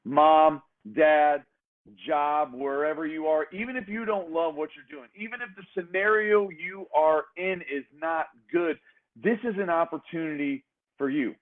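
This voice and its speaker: A fitness coach pumps up his listeners in a motivational talk, stacking short emphatic exhortations one after another. His voice sits a touch high for a man. The sound is thin and tinny, as if it were heard over a phone line. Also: a little slow. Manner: energetic, emphatic, repetitive exhortations. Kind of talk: motivational speech.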